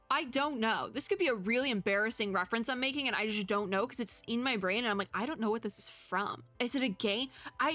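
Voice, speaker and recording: A woman chatting casually while playing a game, full of fillers and little laughs. Her voice is bright and the sound is close and dry, with faint music behind. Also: on the high side, no room sound. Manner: chatty, filler-heavy, giggly. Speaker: VTuber streamer. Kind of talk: casual gameplay commentary.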